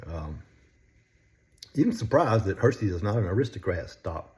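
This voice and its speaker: A man's voice: deep voice, lively intonation, moderate pace, a little mellow. An older man chatting casually about stocks as a vlogger, folksy and chuckling often between phrases. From North Carolina, US.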